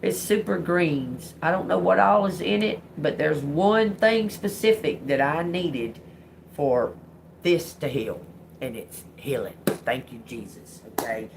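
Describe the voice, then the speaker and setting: A woman's voice: sits low, measured pace, vocal fry, noisy background. A middle-aged woman, telling a blunt, profane story to her livestream audience. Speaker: livestream host. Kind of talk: casual storytelling monologue.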